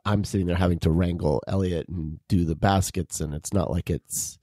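A man talks through his thoughts in a relaxed podcast chat, circling back and restarting often. His voice is on the low side. The sound is dry and close, with no room echo. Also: moderate pace, slightly rough. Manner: rambling, hesitant, full of restarts. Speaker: podcast co-host. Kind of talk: casual chat.

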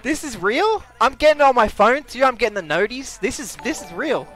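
A young Australian man streaming a game, excitable and quick to exclaim and swear. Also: extremely high pitch, faint music behind. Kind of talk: live stream reaction.

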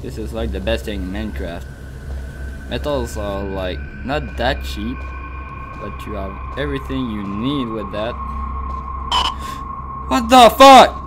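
A young man giving casual let's play commentary, yelling and cursing at the game between goofy asides. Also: on the low side, a little slow, background noise. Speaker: gamer playing on video. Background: game music.

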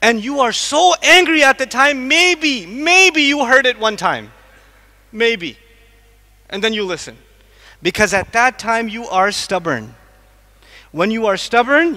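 A man from the United States, probably middle-aged, giving an animated religious lecture to a live audience, asking it questions and quickly reciting Arabic verses. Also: very high-pitched. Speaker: Islamic lecturer. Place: large lecture hall. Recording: long hall reverb.

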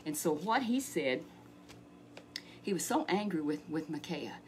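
A woman's voice: low voice, big pitch swings, a little slow, a little hiss or hum. A woman telling a Bible story to a child in a chatty way, repeating words and asking questions.

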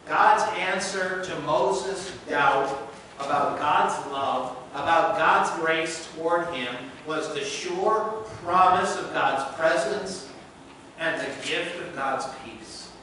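A man's voice: a little high, slow, sharp tone, slight background noise. A man preaching a sermon as pastor in a church sanctuary, emphatic and full of rhetorical questions. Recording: echoey church sanctuary from a distant mic.

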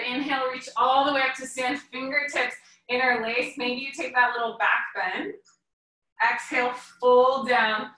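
A bright, higher-pitched woman leads a yoga flow with calm, clipped breath cues, slightly winded as she practices along. Her voice rings around a very echoey room and sits some way back from the mic. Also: far from the mic. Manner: calm step-by-step cueing in short phrases. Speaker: yoga teacher. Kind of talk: guided yoga class instruction.

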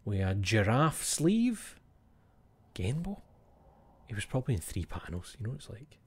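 A man's voice: fairly low pitch, big pitch swings, normal speed, husky. A Scottish man chatting casually with his stream viewers, swearing and laughing, and often dropping to a whisper for asides.

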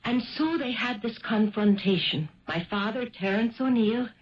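A woman's voice: on the high side, normal speed, close to an everyday voice. A woman playing an earnest young Irish woman. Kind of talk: 1970s radio drama acting. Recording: dull lo-fi 1970s radio broadcast.

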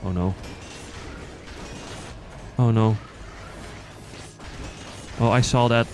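A man with a non-native accent chatting casually to viewers while playing, quick to excited outbursts and joking at himself. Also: mid-range voice, over music. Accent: non-native English accent. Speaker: gaming channel host. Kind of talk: casual let's-play commentary.

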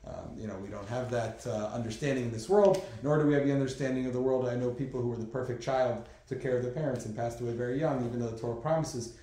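A man teaches a class in an easy, conversational tone, often pausing on fillers and small asides. His voice sits at an ordinary middle pitch for a man. The recording is heavily reverberant, as if made in a bare, echoing room. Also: dark tone. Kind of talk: classroom lecture. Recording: very echoey room.

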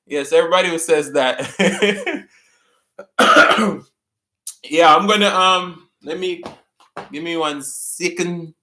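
High, bright-voiced Jamaican man, unhurried. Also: roomy sound. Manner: laughs often while reading out viewer comments. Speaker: live-stream host. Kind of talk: casual live-stream chat with viewers.

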